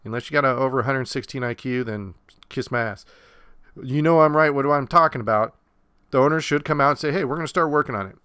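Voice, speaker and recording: A man's voice: medium pitch, steady tone, a little fast, pushed and bright, clean tone, no echo, clean studio sound. A young man hosting a solo sports podcast, ranting in a blunt, fired-up and sarcastic way. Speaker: podcast host. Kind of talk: opinionated solo podcast rant.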